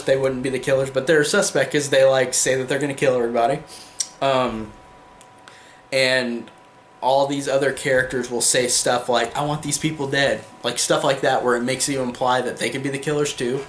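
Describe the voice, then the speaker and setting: A man's voice: mid-range voice, fairly even intonation, normal speed, reverberant, slight background noise. A young man reviewing films in a casual monologue, enthusiastic and rambling with lots of fillers. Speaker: film reviewer.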